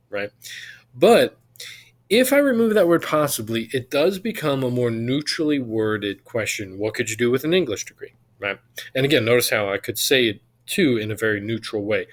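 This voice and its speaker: A man lecturing on literature in a conversational way, often checking in with "right?" and stressing key words. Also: medium pitch. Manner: animated emphasis on key words.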